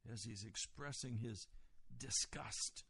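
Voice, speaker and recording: Slow, deliberate male preacher. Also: medium pitch, gravelly, sharp tone, husky, no room sound. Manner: deliberate expository preaching, pausing on key words. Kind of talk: sermon.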